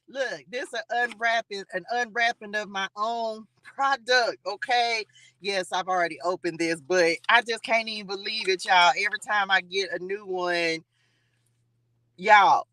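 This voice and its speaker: A middle-aged woman hosting a spiritual morning livestream in a casual, excitable way, often repeating greetings to her audience. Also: mid-range voice, unhurried.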